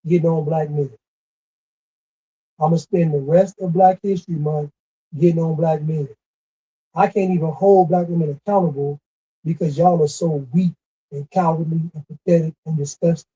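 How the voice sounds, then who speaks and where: A man's voice: on the high side, steady tone, moderate pace, pauses often, dark tone, husky. A man delivering a scolding, repetitive commentary rant with emphatic stresses. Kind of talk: ranting monologue. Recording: dull lo-fi recording.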